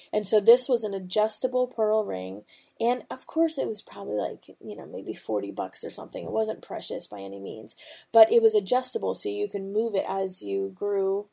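A middle-aged woman speaks as host of a devotional podcast, with a gravelly rasp running through her voice. She moves from scripture into a personal story in an earnest, conversational way, with plenty of everyday fillers. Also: medium pitch, warm tone.

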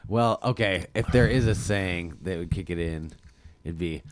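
A man's voice: deep voice, moderate pace. A man co-hosting a casual podcast, laughing easily and swearing. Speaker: podcast co-host. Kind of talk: casual chat.

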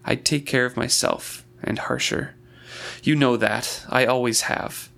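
A man reading aloud as a gruff, bitter older stablemaster. He speaks in blunt, clipped reproach with a gravelly, creaky texture at a middle pitch. It is a storybook read-aloud voice. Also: fairly even intonation, a little slow, fairly bright tone. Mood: cold.

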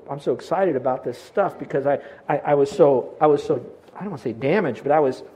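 An older man preaches with a slightly raised pitch, storytelling in a lively way. He swings between booming and hushed passages and trips over repeated words in his excitement. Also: rough recording. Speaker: pastor. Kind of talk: sermon.

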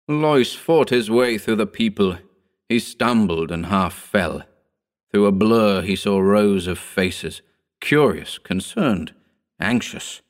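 A man narrating a horror story as an audiobook, measured and slowing for grim details. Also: fairly low pitch.

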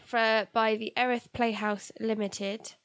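A woman's voice: on the high side, flat delivery, takes it slowly, fairly bright tone, no echo, studio quality. A woman co-hosting a podcast, playful, reading a show blurb like an announcer. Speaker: podcast co-host. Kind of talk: casual chat.

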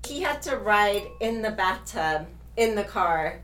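A woman's voice: medium pitch, animated, unhurried, fairly bright tone. A woman with a slight Australian accent, a guest chatting and telling stories in a friendly way. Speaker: podcast guest and vendor. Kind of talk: casual podcast chat. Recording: echoey room, distant mic, faint hum.

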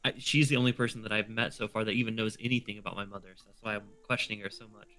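A man's voice: fairly low pitch, steady tone, rapid-fire, sharp tone, faint music behind. A man playing in character at a tabletop game, hesitant and stammering. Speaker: player. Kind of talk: tabletop role-play in character.

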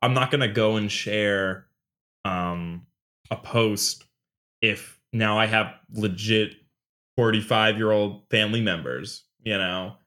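A man's voice: lowish voice, slow, sharp tone. Rambling young man, casual chat. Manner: rambling, filler-heavy, laughs often, acts out quotes.

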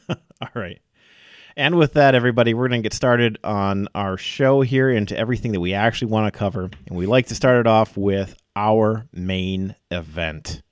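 A man's voice: fairly low pitch, moderate pace, no echo, clean studio sound. A man hosting a casual sports podcast, joking and chatty with restarts and fillers. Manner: jokey, self-deprecating, fillers and restarts. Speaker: podcast host. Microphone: podcast mic.

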